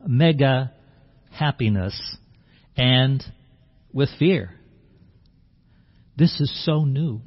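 A man's voice: mid-range voice, very slow, long pauses, muffled recording. A man preaching a sermon in a conversational way, acting out the scene and often restarting his words. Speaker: pastor.

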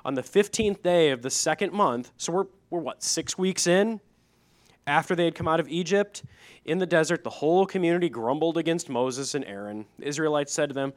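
A man's voice: a little high, a little fast. A middle-aged man, preaching a sermon in a conversational way, reading scripture and adding asides. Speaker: pastor.

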